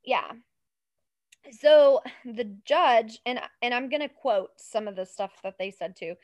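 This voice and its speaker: A woman's voice: fairly high pitch, animated, measured pace, a little mellow, no room sound. A woman in her thirties co-hosting a casual true-crime podcast, chatty and emphatic, often drifting onto tangents. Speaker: podcast co-host.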